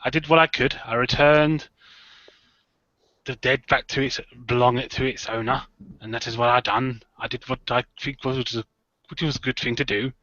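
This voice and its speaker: A man's voice: mid-range voice, fairly even intonation, normal speed, bright, forceful tone, no room sound, close to an everyday voice. A man doing a blunt half-orc warrior. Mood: defensive. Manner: blunt, broken grammar. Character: plain-spoken male half-orc warrior. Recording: dry, slightly dull lo-fi recording.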